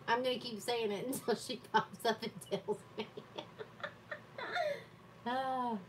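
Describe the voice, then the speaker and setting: A woman's voice: fairly high pitch, steady tone, slow, distant mic, slight background noise, poor audio. A woman hosting a live stream from her home desk, chatting casually and laughing often at herself. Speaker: livestream host. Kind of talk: casual chat while journaling.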